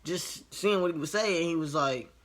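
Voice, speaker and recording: A man with a somewhat high voice tells a story straight to camera in a loose, casual way. He talks frankly and swears freely, sounding exasperated, and he slips into the back-and-forth of the conversation he is recounting. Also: normal speed, a bit bright. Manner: retells conversations by voicing each side. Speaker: line cook.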